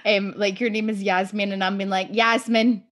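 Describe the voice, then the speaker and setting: A woman's voice: medium pitch, flat delivery, a little fast. A Scottish woman hosting a podcast in casual, sweary chat, laughing often. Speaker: podcast host.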